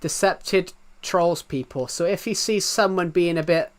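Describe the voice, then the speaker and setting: A man's voice: high-pitched, unhurried. A young English man with an English accent livestreaming, chatting casually to his viewers and rambling in circles, repeating himself. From England. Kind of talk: casual chat to live viewers.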